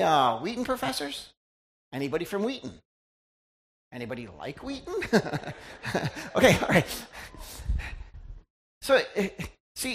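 Middle-aged pastor with a lively, bouncy voice. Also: mid-range voice. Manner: chatty, teasing, quizzes the congregation. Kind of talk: conversational sermon.

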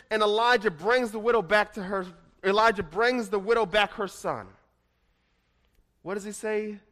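A man preaching a sermon, moving between hushed, quiet passages and emphatic, rising declarations, and reading scripture aloud dramatically. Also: high voice. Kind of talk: expository sermon.

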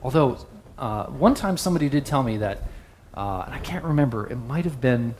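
A man preaching a sermon in a relaxed, conversational way, often turning to ask his listeners questions. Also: mid-range voice, fairly quick, a little hiss or hum. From the West. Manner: conversational, asks the audience questions.

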